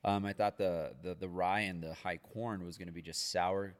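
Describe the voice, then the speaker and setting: A man's voice: deep voice, steady tone, moderate pace, big-room sound. A man co-hosting a casual podcast, talking in a blunt, emphatic and joking way. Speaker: podcast co-host. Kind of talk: casual chat.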